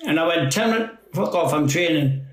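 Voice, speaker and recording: Man, 50s, guest storyteller, a touch high-pitched, rambling and sweary, roomy echo. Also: lively intonation, moderate pace. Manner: rambling, laughing, swears freely. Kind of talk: casual storytelling chat.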